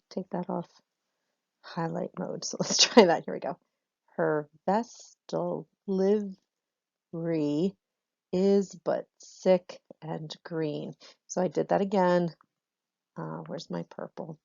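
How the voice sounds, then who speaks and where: A woman's voice: fairly low pitch, creaky, warm tone, breathy edge, dry recording, lo-fi sound. A woman drama teacher giving a recorded online lesson, chatty and self-correcting, laughing often.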